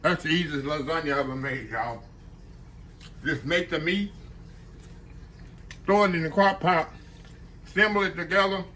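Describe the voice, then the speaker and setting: Guy cooking in his kitchen, bright kinda high voice, chatting to y'all, faint hiss. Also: moderate pace, pauses often. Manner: chatty, talks to viewers as "y'all". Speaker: home cook. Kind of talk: casual cooking vlog.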